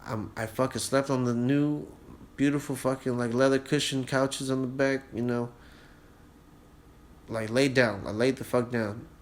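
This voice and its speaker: A man's voice: medium pitch, measured pace. Profane young man telling a rambling story. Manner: profane, animated storyteller who acts out dialogue in a raised voice. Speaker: podcast host. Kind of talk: casual storytelling monologue.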